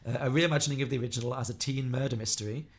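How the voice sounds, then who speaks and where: A quick, chatty man hosting a casual podcast, reading out listener ideas and riffing on them. His pitch sits in an ordinary middle range and he talks briskly. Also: fairly even intonation. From Liverpool area of England. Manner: quick, chatty, reads listener suggestions aloud with laughs. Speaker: podcast host.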